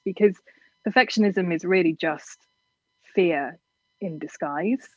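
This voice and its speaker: A woman's voice: fairly low pitch, a little slow, pauses often, darkish tone, dry recording, dull audio. Frank English woman, dry close sound. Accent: generic southern English. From England. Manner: frank, chatty, self-deprecating. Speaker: guest. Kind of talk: casual interview advice.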